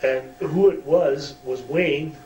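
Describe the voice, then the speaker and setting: A man's voice: a little high, slow pace, darkish tone. A man, a former wrestler, telling a backstage story in a shoot interview, profane and chuckling. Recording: roomy distant mic, faint hum.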